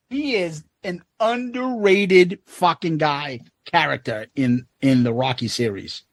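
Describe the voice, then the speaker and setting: A man's voice: fairly high pitch, slow, no room sound. A man co-hosting a casual podcast, reading listener comments aloud with wry asides.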